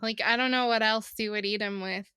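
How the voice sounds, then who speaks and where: A woman's voice: medium pitch, steady tone, a little fast, bright, forceful tone, smooth, no room sound, clean studio sound. A woman co-hosting a podcast in casual chat. She laughs often and talks playfully from a room beside an open window. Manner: giggly, playful. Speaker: podcast co-host.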